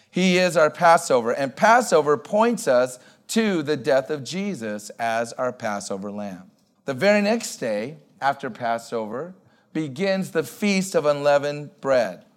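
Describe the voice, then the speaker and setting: A male pastor preaching a sermon in an emphatic way, repeating key words and slowing down to stress them. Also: mid-range voice.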